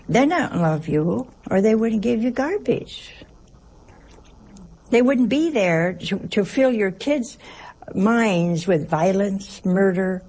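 A woman's voice: a little high, warm tone, husky. A woman, a nun, giving a conversational sermon in a folksy, humorous way, full of rhetorical questions. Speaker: nun preaching.

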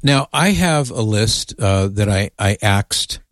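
A man hosts a radio talk show, chatting with easy amusement as he reads out listener emails. His voice sits on the lower side, and the studio sound is dry and close. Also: expressive, slow pace, dry recording.

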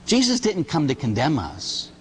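A man, a Catholic priest, preaching a sermon with animated, emphatic delivery and storytelling. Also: fairly high pitch, moderate pace, long reverb tail, slight background noise.

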